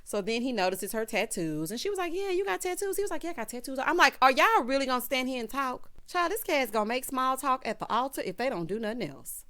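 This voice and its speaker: Sassy animated woman recapping TV. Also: high voice, fast talker, few pauses. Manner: sassy, animated, acts out quotes in voices. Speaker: reality TV recap host. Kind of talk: casual recap commentary.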